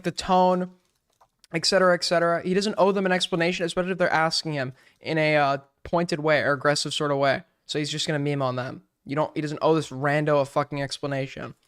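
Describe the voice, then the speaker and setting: A man's voice: a little high, fairly bright tone, smooth. A man live-streaming casual commentary as he reacts to videos, blunt and sarcastic, swearing freely.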